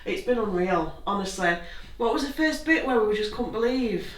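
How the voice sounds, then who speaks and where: A woman, recapping a ghost hunt in animated talk that keeps repeating itself. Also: medium pitch, moderate pace, over a noisy crowd. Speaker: ghost hunter. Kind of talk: casual recap after an investigation. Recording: echoey room, distant mic, music behind.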